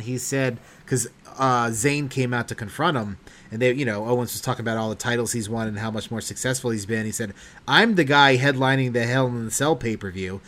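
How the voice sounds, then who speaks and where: A man's voice: mid-range voice, a bit bright. A man co-hosting a podcast, talking things through casually with frequent hedges and fillers. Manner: thoughtful, hedging, laughs often. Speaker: podcast co-host. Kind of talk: casual chat.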